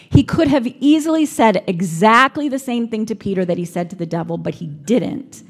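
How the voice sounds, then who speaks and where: A woman's voice: fairly high pitch, expressive, moderate pace, few pauses. A woman preaching a sermon, reflective, sometimes acting out the lines she quotes.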